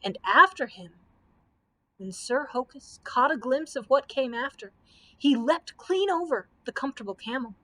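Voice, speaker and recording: A woman's voice: high voice, normal speed, rough recording. Woman librarian reading a storybook aloud. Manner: expressive storytelling. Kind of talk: children's book read-aloud.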